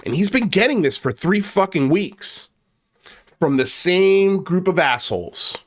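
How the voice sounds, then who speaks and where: A man's voice: high voice, expressive, a little slow, fairly bright tone. A man hosting an online commentary channel, ranting angrily with a lot of swearing and the odd repeated start. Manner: angry, profane, ranting; repeats himself and restarts when worked up. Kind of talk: heated online commentary rant.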